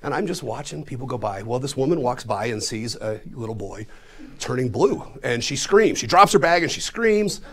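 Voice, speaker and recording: Animated, self-mocking storyteller, a man in his forties. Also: medium pitch, moderate pace, slightly rough. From Colorado, USA. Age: 40s. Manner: animated, self-deprecating, with sudden swings in loudness. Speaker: storyteller and magician. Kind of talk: comedic storytelling performance. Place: studio before a live audience.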